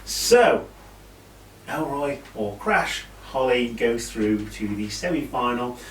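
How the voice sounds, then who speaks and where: A man's voice: mid-range voice, animated, slow pace. A British man casually recapping an old wrestling event, rambling with asides and fillers. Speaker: wrestling show reviewer. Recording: echoey room, mic at a distance, faint hiss.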